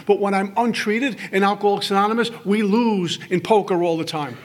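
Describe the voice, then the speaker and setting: A middle-aged man speaks to a live audience at a recovery workshop in a hall. His voice sits high and sounds somewhat husky. He tells stories with humor and acts out the voices in his head in quick little scenes. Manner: storytelling, acts out inner voices with quick asides.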